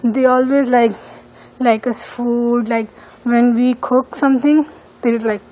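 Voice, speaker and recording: A woman's voice: fairly high pitch, fairly even intonation, unhurried, dark tone, slight background noise, low-quality recording. A female student speaking English as a second language, talking hesitantly with many fillers while walking outdoors around her neighborhood and filming on a phone. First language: not English. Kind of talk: casual walking-tour vlog.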